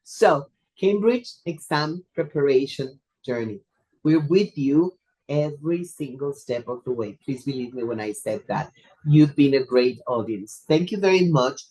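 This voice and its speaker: A webinar presenter for teachers, hoarse and coughing, talking casually and playfully on a video call, joking at their own expense. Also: mid-range voice, lively intonation, a little slow, mellow, poor audio. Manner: chatty, playful and self-deprecating. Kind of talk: casual online webinar wrap-up. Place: video call from a home or office. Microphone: computer mic on a video call.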